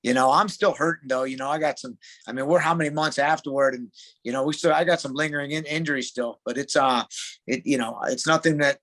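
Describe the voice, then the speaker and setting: A middle-aged man, a wrestling coach, chatting as a podcast guest in an emphatic, excitable way. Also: a little high, fast talker. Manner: emphatic, excitable, calls people dude. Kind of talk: casual interview chat.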